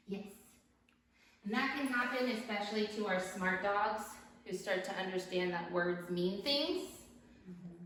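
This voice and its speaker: A woman dog trainer running a training session, calmly explaining steps and praising her dogs in bright, high-pitched bursts. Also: slight background noise. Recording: echoey room, mic at a distance.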